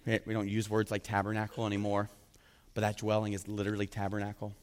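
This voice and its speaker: Fervent preacher in an echoing hall. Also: male voice, fairly low pitch, monotone, quick pace. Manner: swings from hushed to loud, fervent peaks. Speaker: pastor. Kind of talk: sermon. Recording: long reverb of a large hall.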